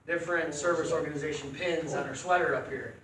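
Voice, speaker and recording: A middle-aged man telling an animated, folksy story at a club meeting. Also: a little high, fast talker, crowd noise. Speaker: club member. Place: meeting room. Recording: echoey room from far off, faint noise.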